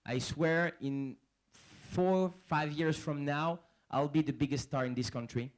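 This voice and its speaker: A man's voice: fairly high pitch, measured pace, rough recording. A young man with a French accent giving a joking stage speech, playful and laughing, often repeating words as he starts. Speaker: actor and comedian guest.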